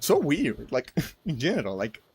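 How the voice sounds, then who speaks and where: A man's voice: medium pitch, huge pitch swings, moderate pace, a little mellow, husky. Giggly young man rambling casually. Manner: rambling, giggly, heavy use of "like". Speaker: podcast co-host. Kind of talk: casual chat.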